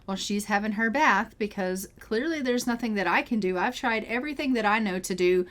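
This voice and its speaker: A woman's voice: medium pitch, a little fast, fairly bright tone, lightly acted. A woman voicing an anxious young woman who frets and pleads over a horse that will not eat, in a life-sim game playthrough. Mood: worried. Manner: fretful, pleading.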